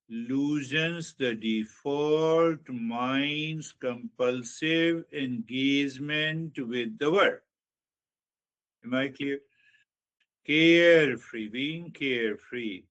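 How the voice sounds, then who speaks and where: A man giving a slow, reflective spiritual teaching talk, guiding listeners inward with measured repetition. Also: mid-range voice, a bit bright.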